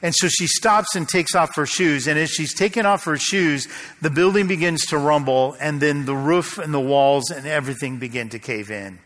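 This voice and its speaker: Male pastor preaching, slightly high voice, storytelling delivery, long hall reverb. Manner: storytelling, slows and drops to a hush at tense moments. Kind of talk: sermon.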